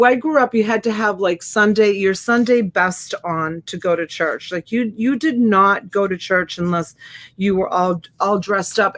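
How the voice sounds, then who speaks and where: A woman hosting a live reseller stream in casual chat, greeting viewers by name and reading their comments aloud. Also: medium pitch. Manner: chatty and warm, greets viewers by name and laughs often. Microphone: USB desk microphone.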